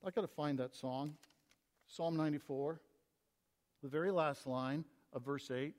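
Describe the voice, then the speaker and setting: A pastor with a high voice preaches at a measured pace, reading scripture in loud, emphatic bursts before dropping to low, quiet asides. A long church reverb carries his voice.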